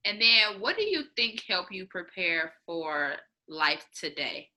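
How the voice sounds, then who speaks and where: A woman's voice: lowish voice, sing-song, slow pace, background noise. A woman interviewing a guest. She asks long, searching questions and acknowledges answers with "gotcha". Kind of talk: casual conversational interview.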